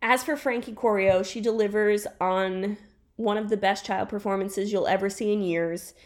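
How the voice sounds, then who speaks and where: A woman's voice: mid-range voice, steady tone, moderate pace. A woman podcast co-host on a video call, reading a review aloud in a casual chat, stumbling and restarting over words and laughing easily.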